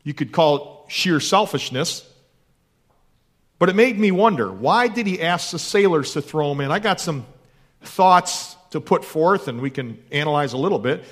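A man's voice: a little high, animated, normal speed. A man preaching a sermon in a conversational, emphatic way, repeating key phrases. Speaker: pastor.

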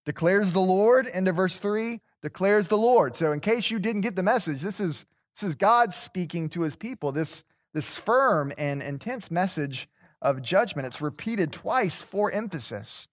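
A man's voice: high voice, animated, measured pace. A man teaching an interactive Bible class, talking conversationally, repeating words and putting questions to the group.

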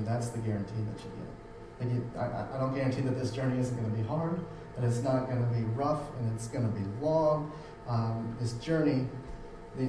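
A man preaching a casual sermon who often repeats words and restarts his sentences. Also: mid-range voice. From United States. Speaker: pastor. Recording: very echoey room, voice from a distance, faint hum.

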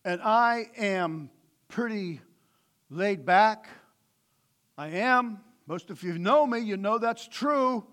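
A middle-aged man preaching a sermon, swinging from loud, impassioned calls to quiet, conversational storytelling. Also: high-pitched, animated, takes it slowly. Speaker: pastor.

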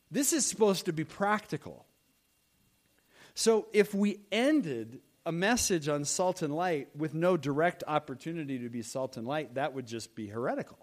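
A man pastor preaching a sermon in an animated, emphatic way. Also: a little high, normal speed.

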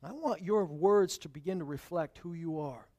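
A man's voice: a little high, normal speed, warm tone. A male pastor preaching a sermon, telling stories casually and then building to emphatic, raised declarations.

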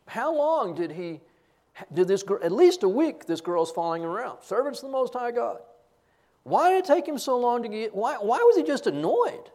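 A man's voice: high-pitched, very animated, normal speed, darkish tone. An older man preaching a sermon, asking rhetorical questions and telling self-deprecating stories with humor. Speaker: pastor.

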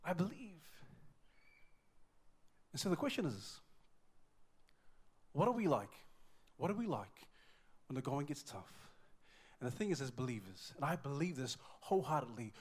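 A middle-aged man from New Zealand preaching a sermon with passion, swinging from loud exclamations to quiet, intimate asides. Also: mid-range voice, sing-song, normal speed, pauses often, slightly rough. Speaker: pastor.

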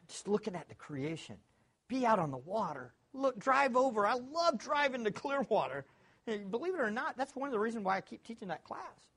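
A man preaches with great emphasis. His pitch rises and falls in lively swings, from near-whispered asides to ringing exclamations. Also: breathy edge. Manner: emphatic, swings from hushed to shouting. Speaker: pastor. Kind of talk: sermon.

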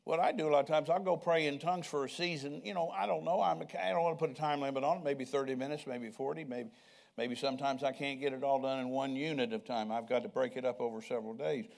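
A man's voice: mid-range voice, steady tone, fast talker, vocal fry, darkish tone. An older man preaching a sermon in a conversational way, often asking the congregation questions. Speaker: pastor.

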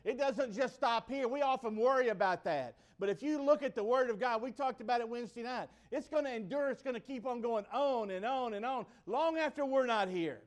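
A man's voice: extremely high pitch, fairly quick, hardly any pauses. A man from the United States preaching a sermon, emphatic and repeating his key phrases for weight.

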